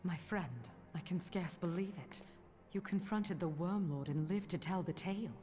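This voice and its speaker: Female knight, played by a woman, game, formal, composed, slightly low, faint music. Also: moderate pace, dark tone, natural voice. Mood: resolute.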